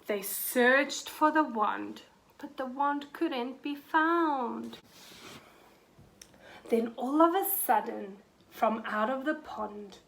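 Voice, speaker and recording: A woman reads a rhyming picture book aloud to children at a very slow, deliberate pace. Her voice is bright and clear and a little high, and she plays up the drama, swelling to loud moments and dropping to whispers. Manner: expressive, dramatic rises and hushes. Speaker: storyteller.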